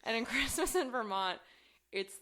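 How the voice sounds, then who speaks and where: A woman co-hosting a podcast in casual chat, recapping movies as an animated storyteller who swears freely and laughs often. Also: a little high, moderate pace, noisy background. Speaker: podcast co-host.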